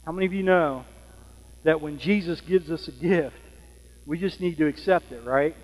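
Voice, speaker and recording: Man, preacher, casual sermon, fillers and "Amen?", raised pitch, long hall reverb. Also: normal speed. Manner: conversational, frequent fillers and "Amen?" checks.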